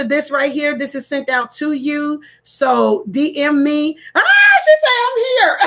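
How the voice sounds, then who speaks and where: A woman hosting a casual livestream, warmly thanking her viewers by name and laughing easily and often. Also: sits high. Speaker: livestream host.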